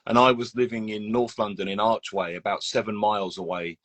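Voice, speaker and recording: A man's voice: lowish voice, steady tone, a little fast, fairly bright tone. A man hosting a live video interview, listening attentively, agreeing often and restarting his questions. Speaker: host. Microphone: phone on a live video call.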